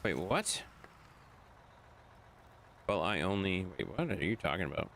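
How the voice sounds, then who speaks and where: A man's voice: low-pitched, big pitch swings, a little slow, fairly bright tone, a little hiss or hum. A man streaming a game late at night, reading chat aloud in a chatty way, swearing now and then.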